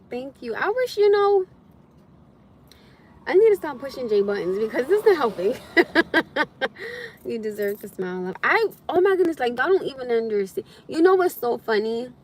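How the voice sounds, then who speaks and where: A woman's voice: high-pitched, very animated, normal speed, long pauses. A woman hosting a casual livestream from her phone, reading scripture and thanking viewers, exclaiming and laughing often. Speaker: livestream host.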